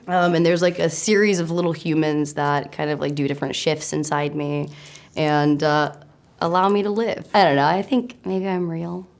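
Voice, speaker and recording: A young American woman answers questions in a loose, giggly, self-mocking way. Her voice sits a little low and carries a slight rasp. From United States. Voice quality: slightly raspy. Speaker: actor answering web search questions. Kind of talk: casual interview.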